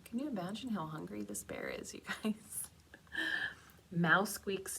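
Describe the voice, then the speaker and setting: A young woman librarian reading a picture book aloud to children, animated and chatty, with asides to the kids. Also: medium pitch, slow pace, creaky, slightly rough.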